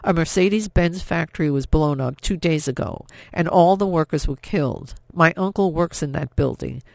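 A man's voice: fairly high pitch, moderate pace, gravelly, no room sound. A man playing a scared German captain. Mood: bitter. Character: frightened German army captain, man, drinking.

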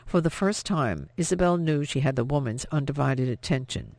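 A man reading an audiobook in scripted narration, measured and even. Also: mid-range voice, gravelly, no room sound.

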